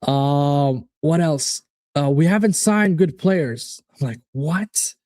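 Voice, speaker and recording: Casual male stream host, animated and profane, warm dark tone, dry booth sound. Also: a little high, slow, no room sound. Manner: animated, swearing, reads out chat predictions. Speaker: watchalong host. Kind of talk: casual live-stream football chat.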